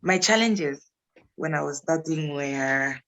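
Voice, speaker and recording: A woman's voice: sits low, takes it slowly, a bit bright, lo-fi sound. Young woman, english speaker, grad answering questions, chatty, laughs a lot. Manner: chatty, storytelling, laughs often. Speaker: graduate guest.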